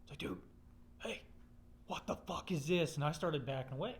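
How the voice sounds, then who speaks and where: A man's voice: fairly high pitch, animated, normal speed. A man telling a rambling personal story in casual, profane, blunt speech.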